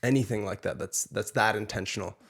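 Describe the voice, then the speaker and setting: A young man in casual chat with his father about a song, agreeing often with quick yeahs and speaking in loose, rambling phrases. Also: fairly low pitch, gravelly, fairly bright tone, husky. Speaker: son co-hosting a reaction.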